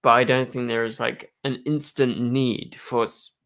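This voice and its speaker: A man's voice: medium pitch, flat delivery, unhurried, fairly bright tone. A young man hosting a live stream, chatting casually and answering viewer questions, rambling with lots of fillers. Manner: rambling, full of "like" and "um".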